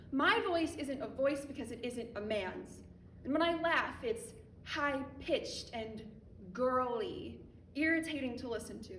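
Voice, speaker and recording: A teenage girl with a bright, high voice delivers spoken word poetry with defiant passion. She is recorded from far off in an echoey school theatre hall, with faint background noise. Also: animated, a little slow. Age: teens. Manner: defiant, impassioned. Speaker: student poet.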